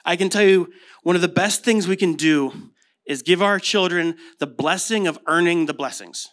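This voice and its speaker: American guy in his 30s giving a chatty sermon, kinda high voice, lots of "right?". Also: moderate pace, fairly bright tone. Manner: conversational storytelling with rhetorical questions. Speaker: pastor.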